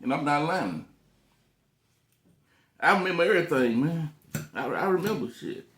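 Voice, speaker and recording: A man's voice: a little high, expressive, moderate pace, a bit bright. Cussing man eating on camera, roomy sound. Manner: loose, profane and joking, talking while eating. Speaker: food vlogger. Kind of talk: casual eating vlog.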